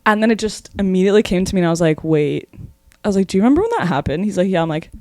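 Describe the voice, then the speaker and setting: A woman's voice: mid-range voice, no room sound. A young woman in her twenties, co-hosting a podcast, telling a wild story in casual chat with lots of "like" and swearing. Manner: fast, animated, swears a lot, says "like" often. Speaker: podcast co-host.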